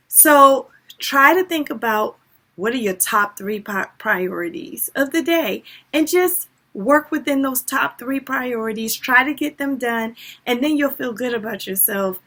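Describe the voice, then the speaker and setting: A woman's voice: on the high side, unhurried, sharp tone. A woman vlogger talking casually and earnestly to her viewers, speaking directly and with emphasis. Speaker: diabetes lifestyle vlogger. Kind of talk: casual talk to camera.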